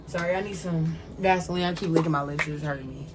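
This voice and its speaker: A young adult woman telling a casual storytime from her own life, animated, slangy and candid. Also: deep voice, quick pace, background noise. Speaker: vlogger telling a personal story.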